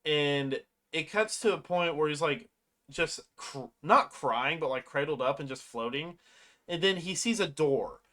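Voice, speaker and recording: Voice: medium pitch, measured pace. Rambling, swearing movie recapper. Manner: rambling, swears often, acts out quotes in animated voices. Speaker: movie reviewer. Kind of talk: casual plot recap.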